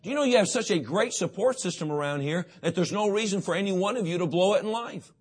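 A man's voice: high-pitched, fast talker, darkish tone, slightly rough. A man preaching a sermon to teenagers, emphatic and repetitive, often asking his listeners questions. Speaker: youth pastor.

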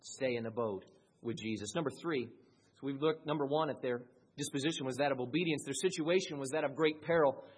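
A man preaching a sermon as pastor, swinging between loud raised peaks and quiet low passages, with a husky voice. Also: fairly quick.

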